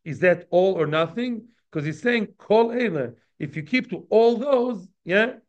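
A man's voice: high-pitched, animated, unhurried, dull audio. A man teaching a daily Talmud class in a conversational lecture style, often asking his listeners questions.

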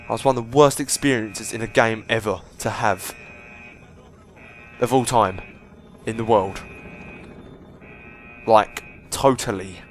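A young man commentating on a game he is playing, swearing and breaking into panicky outbursts. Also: lowish voice. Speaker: gameplay commentator. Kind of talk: let's play commentary.

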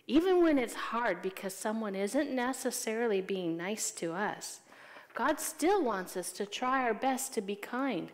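A woman telling a Bible story to young children as a Sunday school teacher, gently asking them questions. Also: a little high, big-room sound.

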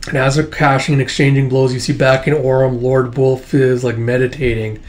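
A man's voice: medium pitch, flat delivery, normal speed. Rambling man reading a comic aloud. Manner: rambling, many fillers, swears. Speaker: comic book reader and reviewer. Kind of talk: casual read-along of a comic.

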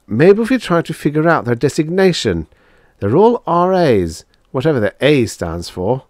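A man voicing a calm, thoughtful older spaceman who muses aloud. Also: fairly high pitch, moderate pace, no room sound, clean studio sound, pitched above the performer's own voice. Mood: musing. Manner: calm, musing.

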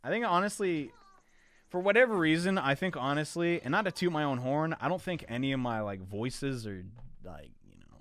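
Lively young man streaming a game. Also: a little high, normal speed. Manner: animated, chatty, answers chat, swings to yelling at the game. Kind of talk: live gameplay commentary.

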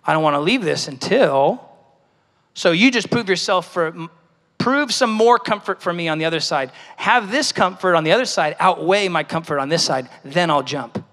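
A man preaches a personal testimony in a relaxed, storytelling way, often acting out what others said. His voice sits high and sounds bright and forceful. The sound carries the long reverb of a large church hall. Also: normal speed. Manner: storytelling, conversational, acts out quoted voices. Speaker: speaker at a church service.

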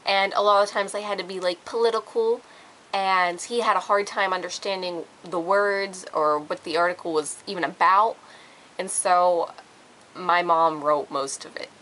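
A woman's voice: lowish voice, fairly even intonation, moderate pace, a bit bright, low-quality recording. Chatty young woman telling a story. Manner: chatty, many fillers, acts out quotes. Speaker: vlogger. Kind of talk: casual storytelling vlog.

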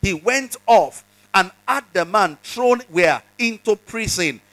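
A man's voice: high voice, lively intonation, slow pace, a bit bright, rough recording. A male pastor preaching a sermon, reading scripture aloud, acting out its dialogue and repeating lines and questions to the congregation. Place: church service.

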